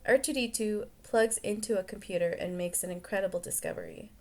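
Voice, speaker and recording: A woman reading a children's picture book aloud, lively and expressive. She breaks off now and then for chatty, offhand asides and fixes her own stumbles as she goes. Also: mid-range voice, brisk. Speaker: storyteller aunt.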